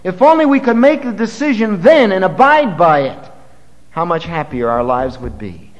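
A man's voice: sits high, expressive, moderate pace, big-room sound, low-quality recording. A male pastor preaching a sermon, reading scripture aloud and building to emphatic, rising passages.

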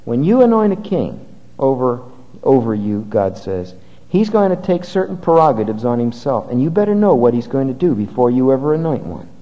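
A man's voice: medium pitch, big pitch swings, normal speed, dark tone, long reverb tail, dull audio. A male pastor preaching a sermon, reading scripture aloud and building to emphatic, rising passages.

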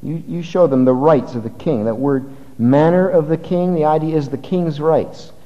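A man preaches a sermon in a slightly higher voice, reading scripture and pressing his points with rising force. His words carry a long reverb, as if spoken in a large hall. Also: normal speed, mellow, muffled recording. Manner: preaching with swelling emphasis, reading scripture aloud. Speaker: pastor.

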